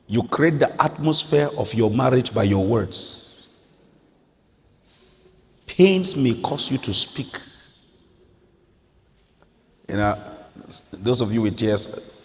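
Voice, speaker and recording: A man from Nigeria preaching a sermon as pastor, moving from quiet prayer to impassioned, near-shouted exhortation. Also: fairly low pitch, big-room sound. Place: church sanctuary.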